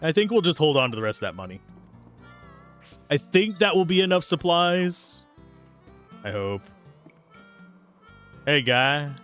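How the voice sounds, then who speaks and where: A man's voice: fairly high pitch, sing-song, normal speed, long pauses, fairly bright tone, soft background music. A man casually commenting on a video game livestream, joking and reading the dialogue aloud in voices. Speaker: let's play streamer.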